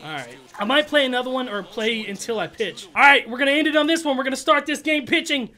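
A young man, commenting excitedly on his own video game at-bats, trash-talking and calling everyone "dog" and "bro". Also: very high voice, fast. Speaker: gaming channel host.

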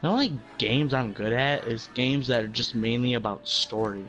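A man in casual game chat, self-deprecating and quick to giggle. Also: mid-range voice, a bit bright, lo-fi sound, faint music behind. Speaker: gamer chatting with friends.

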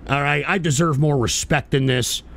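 A man's voice: on the high side, normal speed, creaky, a bit bright. A man hosting a livestream, ranting in a profane, exasperated way and stumbling over restarts. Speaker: livestream host. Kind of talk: angry livestream rant.

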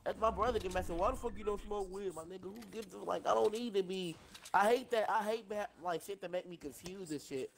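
A man's voice: high-pitched, fast talker, creaky, hardly any pauses, slight background noise. A young man chatting bluntly and profanely with friends in a game voice chat over a headset. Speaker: gamer in party chat. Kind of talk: casual trash talk.

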